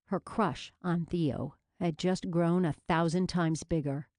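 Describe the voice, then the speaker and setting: A woman with a low voice reading a romance audiobook. She tells the story in a measured, steady way. The recording is close and dry, with no room sound. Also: no room sound. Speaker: audiobook narrator. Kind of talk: scripted romance novel narration.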